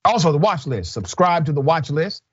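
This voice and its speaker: A man's voice: on the high side, sing-song, moderate pace, breathy edge, highs cut off. A man hosting a news commentary show, reading stories and giving emphatic opinions with rhetorical questions.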